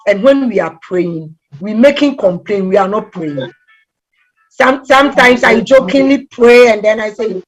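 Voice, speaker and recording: A middle-aged woman from Ghana giving a conversational talk on relationships, telling stories with lively acted-out quotes. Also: fairly high pitch, moderate pace. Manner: animated storytelling, acts out quoted voices. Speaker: relationship talk guest speaker.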